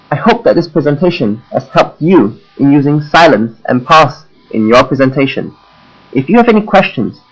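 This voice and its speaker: A young man with a Hong Kong English accent presents to his class from a script. He speaks in a slightly raised register, measured and demonstrative, and leaves deliberate pauses between points. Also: fairly high pitch, a bit bright, poor audio. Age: young adult. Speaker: university student presenter.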